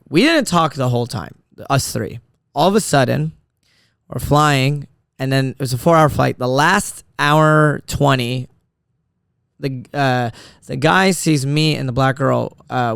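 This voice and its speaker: A man's voice: mid-range voice, vocal fry, smooth, no room sound, clean studio sound. A man in his thirties hosting a solo podcast, telling a rambling story full of restarts and fillers. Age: 30s. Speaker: podcast host. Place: studio.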